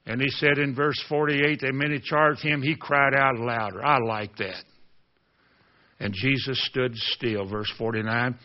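A man preaching a sermon, reading scripture aloud and urging his congregation with passion, rising to near-shouting and dropping low. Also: muffled recording.

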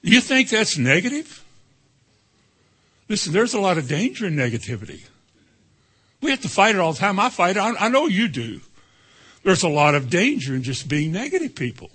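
A man's voice: sits high, sing-song, moderate pace, long pauses, a bit bright, breathy edge. A man preaching a sermon, emphatic and calling out to the congregation for responses.

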